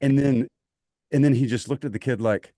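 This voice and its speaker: A man's voice: medium pitch, normal speed, no room sound, studio quality. A man with a Southern US accent telling a war story in a casual podcast chat, acting out the voices of the people in it. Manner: animated storyteller, acts out quoted voices. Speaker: podcast guest, voice actor.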